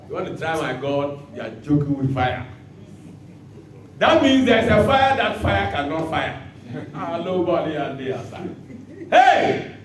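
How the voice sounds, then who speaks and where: Man, pastor, preaching, sudden shouts, lively pitch, distant mic, very echoey hall. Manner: animated preaching with sudden shouts and dramatic quotes. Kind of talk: sermon.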